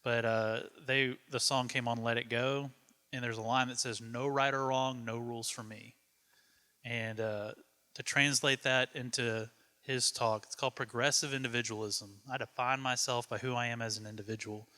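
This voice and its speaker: Male panelist, bright and forceful tone, casual anecdotes, reverberant church room. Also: medium pitch, steady tone, normal speed. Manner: conversational, with fillers. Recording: hall reverb.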